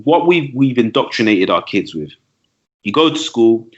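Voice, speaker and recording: A man's voice: mid-range voice, big pitch swings, moderate pace. A man talking as a podcast guest, a teacher and trainer who explains his points with lists and asides in casual conversation. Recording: dull lo-fi audio.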